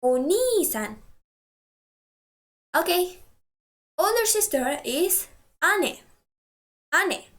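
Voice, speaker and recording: A woman teaching a language lesson, patiently saying each word twice and slowly for practice. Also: high-pitched, animated, a bit bright.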